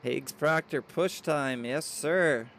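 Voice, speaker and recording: Man, race commentator, excitable play-by-play, hiccups, higher voice, faint background noise. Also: slow pace. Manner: excitable, reads viewer chat aloud.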